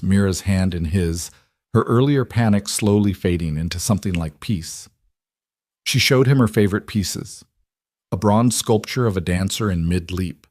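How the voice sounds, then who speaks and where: A man narrates a heartfelt story in an even, measured way. His voice sits fairly low. The sound is close and dry, with no room echo. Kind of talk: scripted narration.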